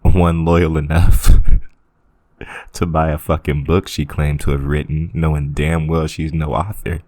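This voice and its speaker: A man's voice: rumbling low, flat delivery, measured pace, a little mellow, no room sound. A man hosting a commentary channel, ranting sarcastically with frequent laughs and swearing. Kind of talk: casual commentary rant.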